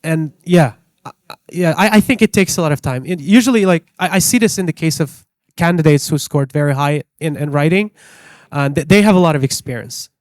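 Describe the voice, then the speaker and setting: A man's voice: on the high side, brisk, no room sound. A man, an English teacher on a panel, speaking hesitantly and repeating words. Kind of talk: panel discussion.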